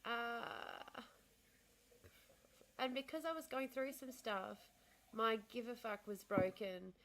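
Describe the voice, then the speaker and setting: A woman's voice: on the high side, slow, fairly bright tone, poor audio. A woman hosting a livestream, chatting casually and telling rambling stories. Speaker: livestream host. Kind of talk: casual chat.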